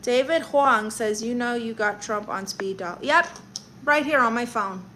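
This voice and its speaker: A woman's voice: fairly high pitch, measured pace, sharp tone, slight background noise, low-quality recording. A woman comedian hosting a casual livestream, reading viewer comments aloud and answering them with sassy, teasing banter. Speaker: livestream host reading chat; stand-up comedian.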